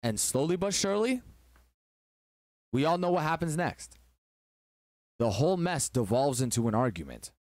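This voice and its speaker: A man's voice: fairly high pitch, sing-song, moderate pace, long pauses, a little mellow, no room sound, clean studio sound. A man hosting a relationship advice talk, telling a story in an emphatic, preachy way.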